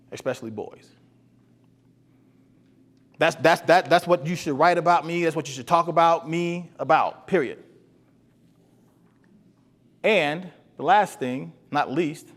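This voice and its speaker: A man giving an earnest motivational talk to boys, often repeating himself and putting questions to the audience. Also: a little high. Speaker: speaker for boys. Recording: long hall reverb.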